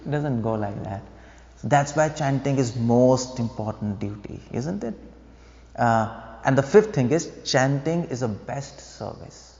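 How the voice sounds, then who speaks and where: A man's voice: medium pitch, lively intonation, measured pace, gravelly, a little mellow. Man lecturing in an echoey hall. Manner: explanatory, asks the audience rhetorical questions, chuckles at own jokes. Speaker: preacher. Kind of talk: devotional lecture. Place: temple hall. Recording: echoey hall, dull lo-fi sound.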